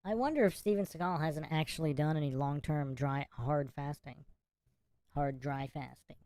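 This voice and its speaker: A man's voice: fairly high pitch, moderate pace, a little mellow. A man hosting a live podcast Q&A in a casual, chatty way, laughing between remarks. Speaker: podcast host. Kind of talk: casual livestream commentary.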